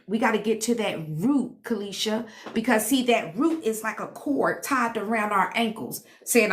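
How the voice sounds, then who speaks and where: A woman's voice: mid-range voice, moderate pace, hardly any pauses. A woman hosting a casual live stream at home, a self-described healer and teacher who reads comments, laughs often and talks to viewers in a sassy, playful way.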